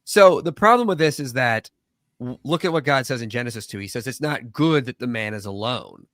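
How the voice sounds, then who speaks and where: A man's voice: medium pitch, fairly quick, no room sound, studio quality. A man hosting a casual live stream, reading chat comments and joking, with a voice that tends to crack. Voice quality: voice cracks often. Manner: animated, joking, quotes others in put-on voices.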